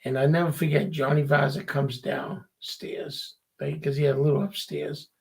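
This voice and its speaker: A man tells a story in a relaxed, chatty way, slipping into the voices of the people he quotes. His voice sits a touch high for a man and has a gravelly, rough edge. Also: normal speed. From Revere, Massachusetts. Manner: animated anecdote-telling, acting out quoted people. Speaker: guest. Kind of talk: casual storytelling.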